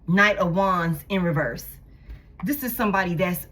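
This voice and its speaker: Husky, blunt tarot-reading woman. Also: on the low side, moderate pace, a bit bright. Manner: blunt, profane, emphatic and repetitive. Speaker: tarot reader. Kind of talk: casual tarot reading to camera.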